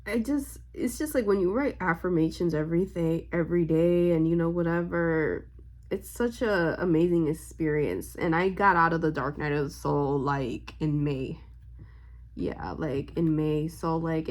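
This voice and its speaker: Young woman vlogger, slightly low voice, rambling storytime chat full of fillers. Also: a little mellow. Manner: rambling, heavy on fillers, loses her train of thought; emotional and upbeat, smiling while talking. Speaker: vlogger and spiritual reader.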